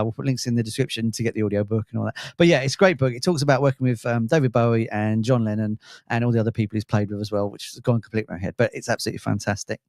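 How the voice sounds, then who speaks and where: Brief: male co-host, talks fast, loose and chatty, with fillers. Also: mid-range voice, a little mellow, dry recording, studio quality. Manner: chatty, rambling with fillers and restarts. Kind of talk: casual chat.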